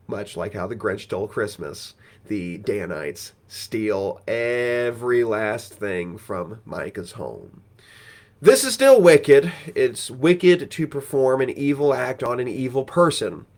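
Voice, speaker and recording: Folksy man reading and explaining scripture. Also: medium pitch. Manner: conversational, folksy retelling. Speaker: Bible teacher. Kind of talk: scripture reading with casual commentary.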